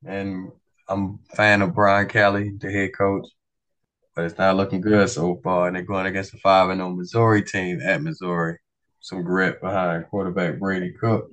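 Low deep voice dude, chill measured take on the games, agrees easy. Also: male voice, little pitch movement, a bit bright. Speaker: sports podcast co-host. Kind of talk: casual sports chat.

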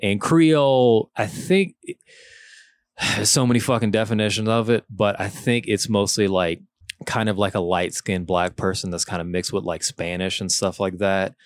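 Low-voiced dude on a podcast, swears a lot, says like constantly, dry close sound. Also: male voice, steady tone, moderate pace, dry recording. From Southwest Louisiana. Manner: loose and profane, many fillers. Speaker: guest. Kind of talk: casual podcast chat.

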